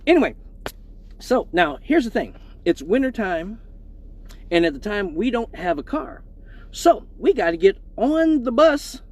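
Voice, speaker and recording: A man, hosting a live show and telling a profane, animated story, acting out other people's lines as he goes. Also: high voice. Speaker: host of a live stream show. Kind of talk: comedic storytelling.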